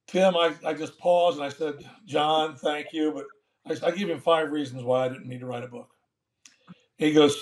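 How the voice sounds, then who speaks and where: In an interview, an older man who once managed a baseball team tells a folksy, animated story, acting out the dialogue. His voice sits a little high and moves briskly.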